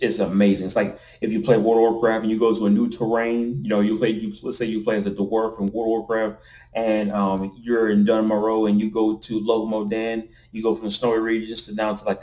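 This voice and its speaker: A man's voice: on the low side, a little mellow. A man vlogging casually to a camera indoors, rambling and repeating himself, often tossing in "you know what I'm saying". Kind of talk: casual rambling vlog talk. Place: indoors at night next to window blinds. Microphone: camera facing him.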